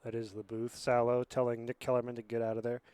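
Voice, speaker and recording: A man commentating on a school rugby match from a booth, chatty and rambling, with excited bursts when play picks up. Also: mid-range voice, fast talker, smooth, dry recording. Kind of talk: amateur sports commentary.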